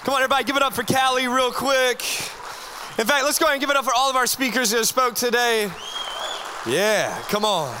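A high-voiced man preaches with lots of energy, cracking jokes and calling out to the crowd. His tone is bright and sharp, and a long reverb from the big church hall trails after each phrase. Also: brisk, slight background noise. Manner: animated, joking, talks straight to the crowd. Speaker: youth pastor. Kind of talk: energetic sermon to a congregation.

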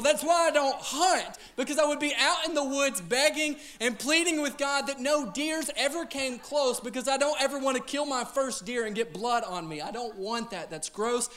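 A man in his thirties delivers a sermon as a string of funny stories at his own expense. His voice sits unusually high for a man. He keeps checking in with the congregation as he goes. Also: lively intonation, moderate pace, hardly any pauses, a bit bright. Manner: self-deprecating, jokey, addresses crowd with "all right?". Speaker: pastor. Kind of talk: humorous sermon storytelling. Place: church auditorium.

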